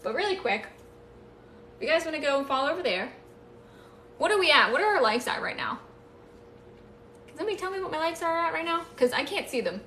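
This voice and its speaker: A woman's voice: high-pitched, sing-song, fast talker, long pauses, pushed and bright, distant mic, a little hiss or hum. A woman hosting a casual live stream, chatting with viewers and thanking them, with playful nervous laughs. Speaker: livestream host. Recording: echoey room, voice off-mic.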